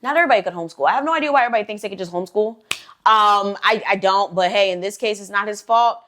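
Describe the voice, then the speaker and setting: Brief: young woman storyteller, sassy, animated, mid-pitched, casual. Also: rapid-fire, a little hiss or hum. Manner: animated, sassy, frequent asides. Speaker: storytime vlogger.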